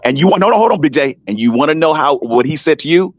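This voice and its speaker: Animated man with dull, dry sound. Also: on the high side, fast talker, dry recording. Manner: emphatic, repetitive, addresses listeners by name. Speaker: panel guest on an online talk stream. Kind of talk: heated casual talk. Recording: dull dry stream audio.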